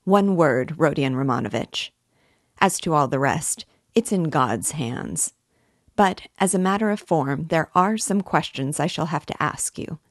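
A woman reading the part of an excitable male police investigator, hurried and emphatic. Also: low-pitched, dry recording, clean studio sound. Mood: excited. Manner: hurried, emphatic, louder than the narration.

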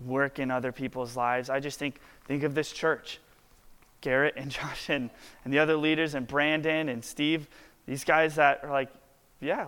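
A man's voice: a little high, a bit bright, clear, resonant tone. A man in his twenties, a worship pastor telling a story in a casual, chatty sermon full of filler words. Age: 20s. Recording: long hall reverb.

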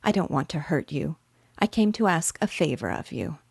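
A woman voicing a grave, very polite seven-year-old girl who speaks softly. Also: sits low, animated, moderate pace, vocal fry, husky, no echo, heavily acted. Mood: gentle. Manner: soft and very polite.

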